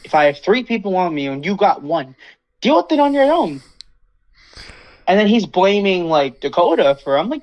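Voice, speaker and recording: A man's voice: high-pitched, normal speed, poor audio. A young man hosting a casual podcast, ranting with lots of swearing and acting out what others said. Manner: animated swearing rant, acts out quotes. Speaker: podcast host. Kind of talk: casual chat.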